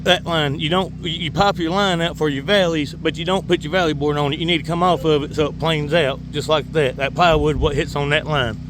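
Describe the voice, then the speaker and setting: A man's voice: fairly high pitch, fairly even intonation, brisk, few pauses, background noise. A middle-aged man with a Southern US accent, chatting casually to viewers from an outdoor building site, folksy and talkative, his throat a little dry. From North Georgia. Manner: folksy, addresses viewers as y'all. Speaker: builder and vlogger. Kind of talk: casual chat to camera. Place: outdoors at a house construction site.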